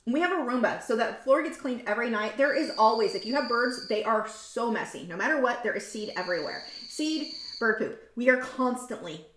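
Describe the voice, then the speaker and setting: A woman's voice: fairly high pitch, animated, a little fast, hardly any pauses, a bit bright. A woman hosting an art livestream, chatting casually and rambling as she reads viewer comments aloud. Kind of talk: casual chat while drawing. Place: home art studio. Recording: echoey room.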